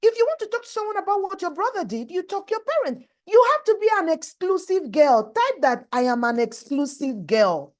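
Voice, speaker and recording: A woman's voice: very high voice, big pitch swings, brisk, hardly any pauses. A woman teaching girls in an online class, earnest and emphatic, repeating her key points.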